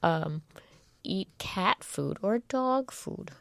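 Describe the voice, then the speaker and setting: A woman's voice: mid-range voice, lively intonation, drawn-out words, gravelly, fairly bright tone, no room sound. A woman co-hosting a casual talk show, chatty and wry, often trailing off mid-thought. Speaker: podcast co-host. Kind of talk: casual chat.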